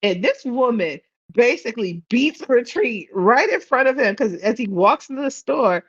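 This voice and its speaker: Woman podcast co-host, expressive and a bit high, playful storyteller. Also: moderate pace, husky, dry recording, highs cut off. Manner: lively storyteller, acts out reactions with slangy asides. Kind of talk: casual chat.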